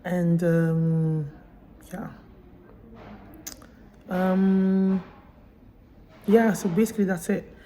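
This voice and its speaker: A woman's voice: on the low side, level tone, extremely slow, pauses often, dark tone, slight background noise, rough recording. A woman recovering from surgery, telling a hospital story with indignant emphasis in a casual vlog. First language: Italian. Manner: indignant, emphatic retelling with quoted dialogue. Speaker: vlogger. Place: hospital room.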